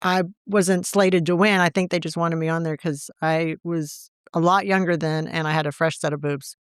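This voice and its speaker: Middle-aged woman, stand-up comic, candid and chatty, clear smooth tone, dry close sound. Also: sits low, steady tone, no echo. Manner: chatty, candid, quick to laugh. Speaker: comedian, podcast guest. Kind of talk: casual interview chat.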